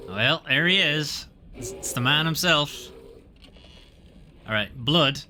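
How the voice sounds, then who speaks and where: Bright-voiced man streaming a game. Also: fairly high pitch, animated, slow, pauses often, a little hiss or hum. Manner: wry, swearing casually. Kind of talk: casual game commentary and reading game text.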